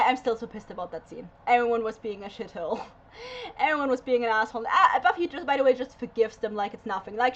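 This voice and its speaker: A woman's voice: fairly high pitch, muffled recording, a little hiss or hum. A woman hosting a reaction video, ranting emphatically with lots of swearing and fillers. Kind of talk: casual rant.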